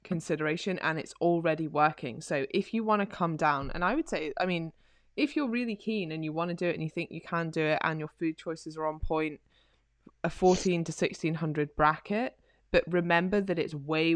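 A woman's voice: deep voice, moderate pace, dry recording. A woman co-hosting a podcast, chatting casually and rambling a little as she gives fitness advice, with plenty of "like". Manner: chatty, rambling, heavy use of "like". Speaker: podcast co-host and fitness coach.

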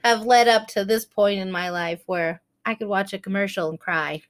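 A woman in her thirties co-hosting a podcast, chatting casually, joking at her own expense, laughing often and acting out quotes in high squealing voices. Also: fairly even intonation, normal speed. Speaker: podcast co-host. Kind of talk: casual chat.

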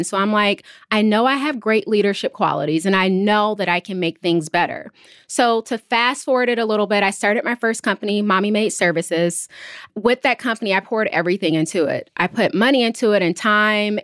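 Animated woman telling her founder story. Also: no echo, studio quality. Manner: animated, jumps up in pitch when quoting others. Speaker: entrepreneur guest. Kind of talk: conversational interview storytelling.

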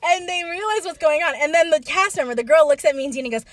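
A woman's voice: high-pitched, quick pace, background noise. A young woman telling a story in casual chat, acting out quotes with many fillers.

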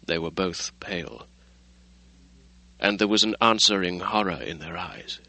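A man reading a classic novel aloud as audiobook narrator, measured and steady. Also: deep voice, dry recording, rough recording.

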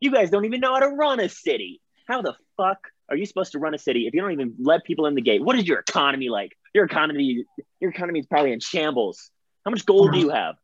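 A man's voice: on the high side, sing-song, fast, no room sound, lo-fi sound. A man voicing Elmer, a brash, self-important male adventurer who rants and boasts in a tabletop game. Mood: indignant rant.

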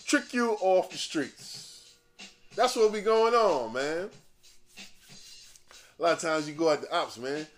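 A man hosting a podcast, ranting casually in profane, animated street slang. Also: on the high side, slow pace, pauses often, faint music behind. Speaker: podcast host. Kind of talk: casual rant.

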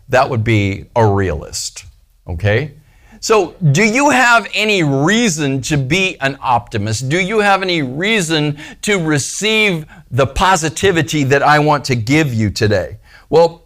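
A male pastor speaking to a small congregation in an animated, playful way. His pitch sits a bit high and swings widely as he slips into little voices for the people he quotes. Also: a little slow. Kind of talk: casual sermon. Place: small church gathering.

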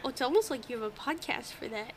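High-pitched, lively young woman podcaster. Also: fast talker, a little hiss or hum. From New England, US. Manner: animated, laughs often, acts out quoted voices. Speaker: podcast co-host. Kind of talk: casual chat.

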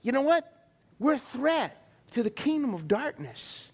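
A man with a high, bright voice preaches a lively sermon. He acts out little voices and shouts, then drops low and quiet. He keeps calling out to the congregation for answers. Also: a little slow, husky. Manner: animated preaching with acted-out voices and call-and-response. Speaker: pastor.

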